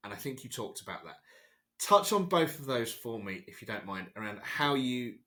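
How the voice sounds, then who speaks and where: A man's voice: mid-range voice, very animated, moderate pace, sharp tone. A man hosting a podcast, asking earnest, encouraging questions. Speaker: podcast host. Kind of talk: interview questions.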